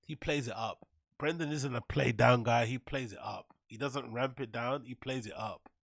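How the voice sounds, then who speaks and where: A man hosts a reaction show, picking apart a clip with sneering sarcasm and a steady stream of profanity. His voice sits at a middle pitch, recorded dry and close with no room sound. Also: moderate pace, creaky, no room sound. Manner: mocking, sarcastic, swears a lot. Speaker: commentary show host. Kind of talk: reaction commentary.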